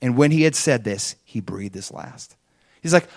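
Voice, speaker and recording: A man's voice: a little high, very animated, moderate pace, no room sound, studio quality. A man preaching an earnest, conversational sermon, retelling a story and acting out the quotes.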